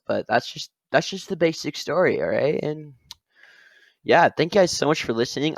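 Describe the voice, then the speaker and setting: A man hosting his own podcast, telling a story casually and rambling, often tagging sentences with a quick "all right?". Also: mid-range voice, no room sound, clean studio sound. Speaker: podcast host.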